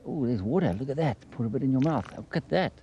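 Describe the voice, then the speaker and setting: A man presenting a wildlife documentary on location outdoors in a desert, chatting lively and coaxing an animal he photographs. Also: medium pitch, quick pace, husky, highs cut off.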